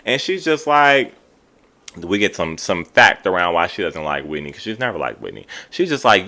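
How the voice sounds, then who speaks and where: Low-voiced, bright, gossipy man. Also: moderate pace. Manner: animated, gossipy, slangy. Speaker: TV show reviewer. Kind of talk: casual reality-TV recap.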